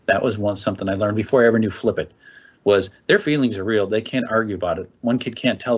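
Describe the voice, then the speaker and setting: A man's voice: lowish voice, fast talker, breathy edge, lo-fi sound. A man training parents in a casual presentation, talking conversationally and often checking in with "okay?".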